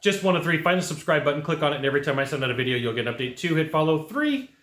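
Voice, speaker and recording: A man's voice: a little high, animated, very fast, a bit bright, reverberant. A man hosting a career advice channel, talking directly and repetitively with emphatic rhetorical asides. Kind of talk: casual advice monologue.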